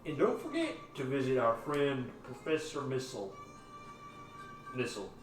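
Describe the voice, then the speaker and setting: A game master voicing a greedy, smug company boss in a tabletop game, with a put-on drawl and a folksy, bossy, teasing manner. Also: male voice, mid-range voice, huge pitch swings, normal speed. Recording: roomy and distant, music behind.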